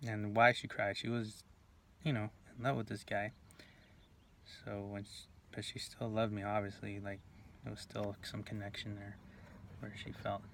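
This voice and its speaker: A man rambles through a personal story in a low, level voice that barely rises or falls. He stops and restarts often, with lots of fillers, and sometimes sinks to a hush. A faint hiss sits under the recording. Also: level tone, gravelly. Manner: halting, full of fillers and restarts, drops to near whispers. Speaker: video blogger.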